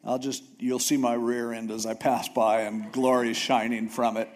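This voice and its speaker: A preacher plays a blunt male deity with a dropped, lower voice. He brushes things off in a casual, dismissive tone. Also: little pitch movement, moderate pace, darkish tone, close to an everyday voice. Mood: offhand.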